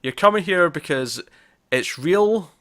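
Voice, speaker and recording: A man's voice: fairly high pitch, animated, a little slow, a bit bright. A young man hosting a casual comics podcast, chatty and self-mocking, often stumbling over his words. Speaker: podcast host. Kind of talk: casual chat.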